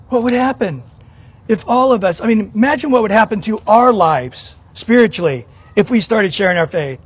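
A man's voice: high-pitched, breathy edge. A man preaching a sermon to a church congregation, earnest and questioning, often repeating a word as he starts. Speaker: pastor.

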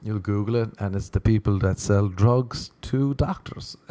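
A young man with a fairly low voice, riffing on his own in a crude, sardonic way. He rambles loosely from one gripe to the next and swears freely. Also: unhurried, dark tone. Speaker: comedian. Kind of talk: solo comedy rant.

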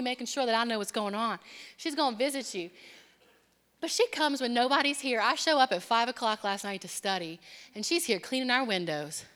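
A woman delivers a sermon in a church, her voice pitched a little high and ringing bright. She swings between soft, near-whispered stretches and rising, emphatic declarations. A long reverb trails every phrase through the hall. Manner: impassioned, swings from hushed to emphatic. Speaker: preacher. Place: church sanctuary.

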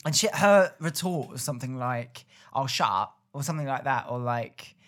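A man's voice: medium pitch, moderate pace, a bit bright. A young man, co-hosting a casual podcast and telling anecdotes with dry, teasing humour. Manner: wry storyteller, dry teasing. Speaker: podcast co-host. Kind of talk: casual chat.

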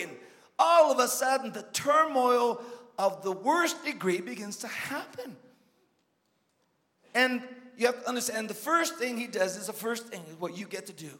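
A man preaching a sermon as a guest pastor, swinging from emphatic shouts to low joking asides to the congregation. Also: lively intonation, normal speed. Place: church sanctuary. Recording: long church reverb.

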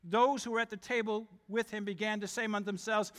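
A man preaches to his congregation, pressing each point with emphatic declarations. His voice sits very high and rings bright and forceful. The sound carries a long reverb from the sanctuary. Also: fairly even intonation. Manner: emphatic, rapid-fire declarations. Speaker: pastor. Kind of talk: sermon. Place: church sanctuary.

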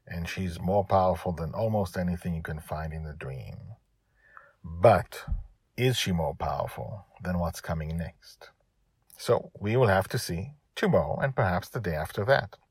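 A man reading his own serial story aloud, telling it in a gentle, earnest way. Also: deep voice, expressive, moderate pace, breathy edge, no room sound, clean studio sound. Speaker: author and reader of a serial story. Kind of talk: storybook narration.

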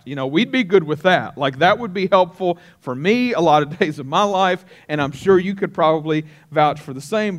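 A middle-aged male pastor preaching a conversational sermon, with casual fillers and slower, deliberate scripture reading. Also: a little high.

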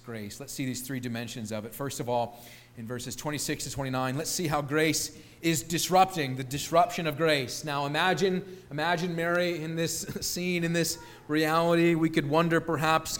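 Male pastor, sermon delivery, somewhat high voice, emphatic and animated. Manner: animated, emphatic, repeats words for stress.

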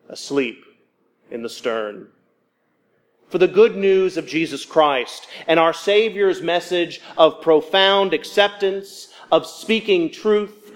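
A man preaching a sermon, measured and paced with dramatic pauses. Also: a little high. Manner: measured, with dramatic pauses and voiced quotes of the disciples.

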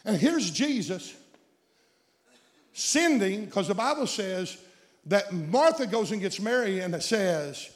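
A man preaching a sermon, building to shouts at the climaxes and calling out questions to the congregation. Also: high-pitched, lively intonation, slow pace, pauses often. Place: church sanctuary. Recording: long hall reverb.

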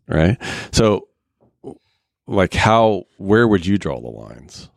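Deep-voiced man leading a youth discussion. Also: lively intonation, takes it slowly, creaky. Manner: probing, jokey, asks follow-up questions. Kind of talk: group discussion.

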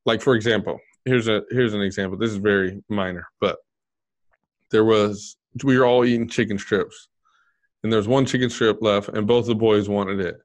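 A man's voice: lowish voice, normal speed. Blunt, swearing man chatting casually. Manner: blunt, swears freely, animated when retelling scolding. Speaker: podcast host. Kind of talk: casual chat.

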